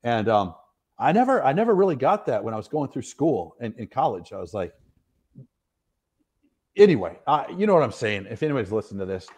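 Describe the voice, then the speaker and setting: A man's voice: mid-range voice, very animated, fairly quick, a little mellow, breathy edge. A middle-aged American man, a retired soldier, telling stories as a podcast guest in an earnest, rambling way with frequent laughs. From United States. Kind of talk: casual interview storytelling.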